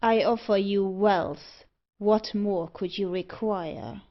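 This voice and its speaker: A woman voicing a suave, wealthy male tempter with a mocking, devilish air, delivering his lines slowly and deliberately. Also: medium pitch, close to an everyday voice. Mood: smooth. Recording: dull lo-fi audiobook recording.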